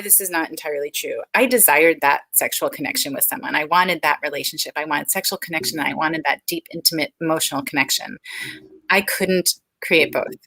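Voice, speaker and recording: Interview guest, woman, 40s: candid and earnest, low-set but bright voice, dry close sound. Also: no room sound, poor audio. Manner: frank, earnest and open. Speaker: guest, speech-language pathologist.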